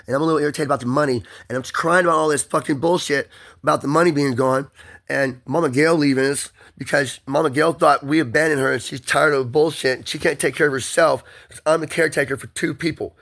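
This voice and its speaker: A man's voice: on the high side, steady tone, fast, a bit bright. A man in an emotional personal monologue, agitated and rambling, swearing often and repeating words as he pushes through strain.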